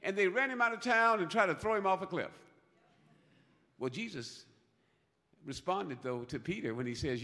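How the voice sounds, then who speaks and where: A man preaching a sermon in a church, emphatic, repeating phrases and building to loud peaks. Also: high-pitched, lively intonation, normal speed, long pauses. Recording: long hall reverb.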